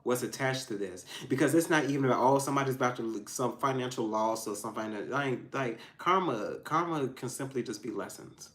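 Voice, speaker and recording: A man giving a casual tarot reading to his viewers, emphatic and frank, swinging between loud outbursts and low asides. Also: brisk, few pauses. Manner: frank and profane, addressing viewers directly. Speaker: tarot reader.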